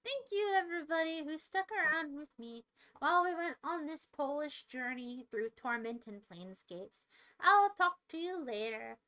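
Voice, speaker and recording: A woman's voice: high voice, animated, normal speed, sharp tone, low-quality recording. A woman giving rambling, self-deprecating commentary as she plays a video game. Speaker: let's play streamer. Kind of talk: casual gameplay commentary. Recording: game music under the voice.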